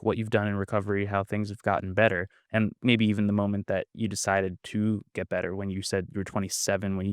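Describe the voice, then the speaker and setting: A man hosting a podcast interview, asking measured questions and giving brief attentive replies. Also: on the low side, dry recording, studio quality. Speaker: podcast host.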